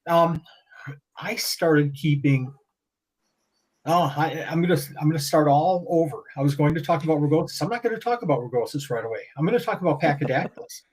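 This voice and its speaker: A man talking as a guest on a podcast, animated and rambling, often restarting his sentences. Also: fairly high pitch, brisk, poor audio. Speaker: guest breeder. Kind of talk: casual podcast conversation.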